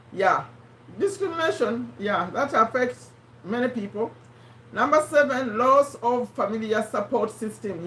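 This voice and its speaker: A woman's voice: on the high side, bright, forceful tone, slight background noise. A woman from Uganda with a strained, failing voice, hosting a casual live stream and chatting with viewers by name. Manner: chatty, addresses viewers by name, repeats points. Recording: roomy and distant from the mic.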